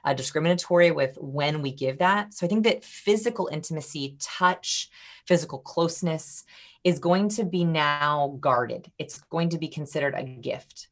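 A woman's voice: low voice, moderate pace. A woman guest on a podcast, explaining body language and acting out different vocal tones. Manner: animated, demonstrates vocal tones. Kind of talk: podcast interview.

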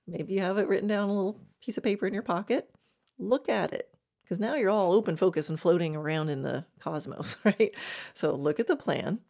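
A woman's voice: mid-range voice, darkish tone. A woman horsemanship coach hosting a podcast, giving an encouraging, conversational teaching monologue and laughing often.

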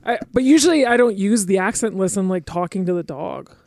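Hesitant podcast guest, middle pitch, many restarts, dry close sound. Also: expressive, quick pace, darkish tone, dry recording. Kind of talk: casual chat.

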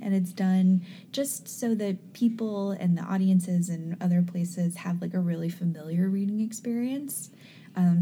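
Mellow-voiced woman podcast co-host. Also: medium pitch, a little hiss or hum. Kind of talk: scripted podcast banter.

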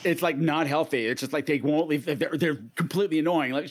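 A podcast co-host chatting casually about a TV episode, often acting out characters' lines. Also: female voice, deep voice, fairly quick, few pauses, slightly rough. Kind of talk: casual chat recapping a TV episode.

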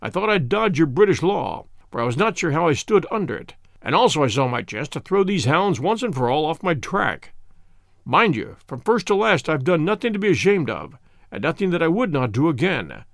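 A man's voice: fairly high pitch, very animated, brisk, creaky, no room sound, studio quality. A man reading an older American fugitive who speaks with a blunt, folksy, earnest manner and an American accent. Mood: frank.

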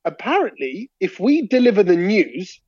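A high-voiced man chats casually on a podcast, spinning animated, slangy stories from home. His voice comes through a dry, somewhat muffled phone mic on a video call. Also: moderate pace, slightly rough, dry recording. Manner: animated storyteller, slangy, laughs while talking. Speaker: podcast co-host. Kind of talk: casual chat. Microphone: talking into a phone over a video chat.

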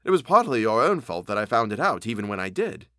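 A man voicing a brisk, sociable male gentleman with a self-deprecating manner. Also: on the low side, very animated, no echo, clean studio sound.

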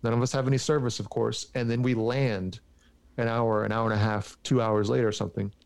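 Male podcast guest with a gravelly edge, animated and chatty. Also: mid-range voice, fairly quick. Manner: animated storyteller, stumbling restarts. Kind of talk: casual chat.

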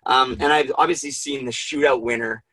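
A man's voice: medium pitch, fairly even intonation, a little fast, a bit bright, dry recording, poor audio. A man hosting a casual interview, emotional and rambling, swearing freely. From Canada. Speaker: podcast host.

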